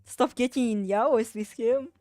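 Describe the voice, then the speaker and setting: A woman's voice: fairly high pitch, measured pace, mellow, dry recording, clean studio sound, faint music behind. A woman streaming a game, chatting casually in rambling talk with many fillers and frequent swearing.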